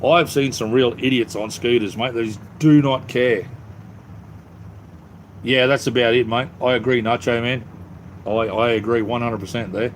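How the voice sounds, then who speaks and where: A man's voice: mid-range voice, steady tone, moderate pace, a little hiss or hum. A middle-aged man with an Australian accent, hosting a casual live stream in a rambling, laid-back way with many ums. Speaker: livestream host. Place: cleared-out space under his house.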